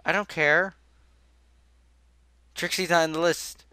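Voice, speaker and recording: A young man hosts a podcast in a bright, smooth voice, joking and sarcastic as he reads down a list. The sound is dry and close, with no room echo. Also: fairly high pitch, fairly even intonation, slow. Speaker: podcast host. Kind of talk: casual comedic podcast chat.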